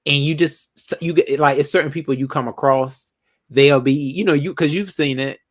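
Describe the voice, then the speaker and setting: A man's voice: fairly high pitch, normal speed. A man hosting a casual live chat with callers, laid-back and rambling, with lots of fillers. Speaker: livestream host.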